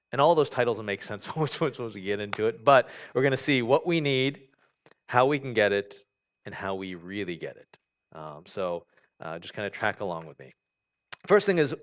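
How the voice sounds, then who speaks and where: A man preaching a sermon in a conversational way, reading scripture aloud and explaining it with many fillers and restarts. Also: fairly low pitch. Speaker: pastor. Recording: dull lo-fi recording.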